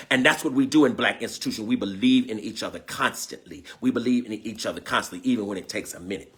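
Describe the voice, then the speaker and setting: A man's voice: lowish voice, fast talker, few pauses. A man preaching a livestream sermon, fervent and emotional, repeating phrases, crying out, and calling to viewers by name. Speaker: preacher and teacher hosting a livestream. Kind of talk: call-and-response livestream sermon.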